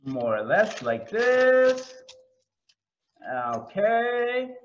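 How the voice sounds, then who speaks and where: A man with a fairly high, lively voice teaches a cooking lesson, drawing his words out very slowly and repeating each one for learners. The sound is echoey and a little dull. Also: a little hiss or hum. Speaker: English teacher.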